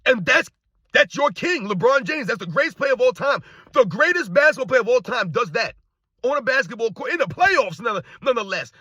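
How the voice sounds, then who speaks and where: A man with a high, bright, forceful voice rants about sport into a close, dry mic. He hammers the same points again and again, emphatic and openly scornful. It sounds like an opinionated solo commentary. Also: sing-song, a little fast, breathy edge, no echo.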